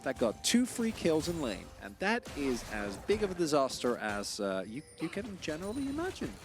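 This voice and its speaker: A man's voice: on the high side, wildly swooping pitch. A man giving casual, analytical color commentary on an esports match, with game music underneath. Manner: analytical, casual, quick to explain. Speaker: esports caster.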